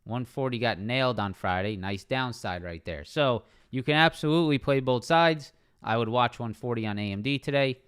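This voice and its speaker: A young man talks through stock charts on a live trading stream. His voice is smooth and clear, and his pitch sits mid-range. He speaks casually, keeps repeating key levels and keeps checking in with "right?". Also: moderate pace, few pauses, a bit bright. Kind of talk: live market analysis stream. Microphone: streaming microphone.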